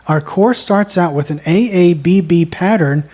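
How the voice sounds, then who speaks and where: A woman co-hosting a songwriting lesson, explaining in a measured, deliberate way. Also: on the low side, mellow. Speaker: songwriting co-host. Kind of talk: instructional conversation.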